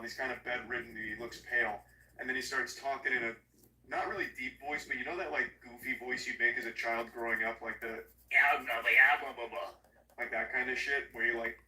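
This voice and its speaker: A man recapping a horror movie in a casual, comedic, profane way, sarcastic and animated. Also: medium pitch, recorded from a distance. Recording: echoey room, voice off-mic.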